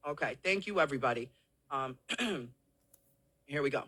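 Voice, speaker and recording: Host type: hoarse woman, bright edge, high for her, explains at length, dry close sound. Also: animated, normal speed, dry recording. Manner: apologetic, explaining at length to viewers. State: hoarse from coughing; out of breath. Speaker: live show host. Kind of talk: live-stream talk show address.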